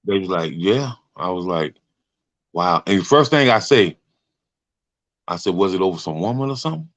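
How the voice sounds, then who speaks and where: A man's voice: sits low, lively intonation, normal speed, fairly bright tone, dry recording. A man hosting a talk show, speaking casually and hesitantly, often retelling what people said. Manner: hesitant, retells with "they was like". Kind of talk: casual conversation.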